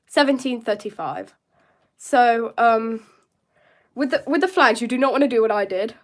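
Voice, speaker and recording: A woman's voice: fairly high pitch, lively intonation, moderate pace. A young woman chatting through a live drawing tutorial, rambling and joking with her chat. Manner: chatty, self-mocking asides to chat. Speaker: art streamer.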